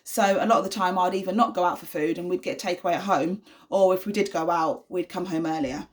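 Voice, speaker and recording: A young woman in a casual vlog, chatting straight to camera about everyday life as a mum. Her voice sits a little low, and she talks in an earnest, reassuring way. She leans on plenty of ums and you-knows. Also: fast. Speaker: vlogger, mother of an autistic son.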